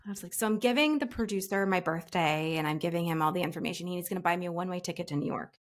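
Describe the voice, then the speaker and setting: A woman in her forties, a casting director on a podcast, telling a story with lively energy and acting out the voices of the people in it. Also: lowish voice, racing. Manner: breathless storyteller, acts out quoted voices, frequent laughs. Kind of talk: animated anecdote telling.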